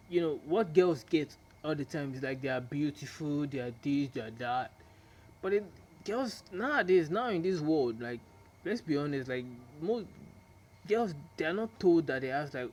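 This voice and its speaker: A young man talking casually to the camera in a rambling monologue, laughing often and dropping into a low drawl when he quotes himself. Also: moderate pace, a little mellow. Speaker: vlogger.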